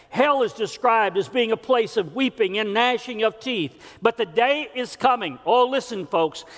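High-voiced preacher in a reverberant church. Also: male voice, fairly bright tone. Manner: earnest preaching with folksy storytelling. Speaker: pastor. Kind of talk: sermon. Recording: long church hall reverb.

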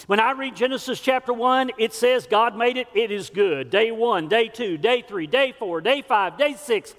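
Preaching at a moderate pace, this pastor has an extremely high, fairly bright voice. His earnest, folksy sermon draws on scripture and homely anecdotes, heard through the lingering reverb of a church hall.

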